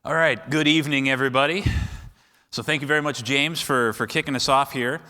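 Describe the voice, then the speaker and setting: Bright-voiced man hosting in a hall. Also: mid-range voice, fairly even intonation, a little fast. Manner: friendly, upbeat, addresses the audience directly. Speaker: foundation officer, event host. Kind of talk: event hosting remarks. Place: large event hall with audience. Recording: long hall reverb with crowd.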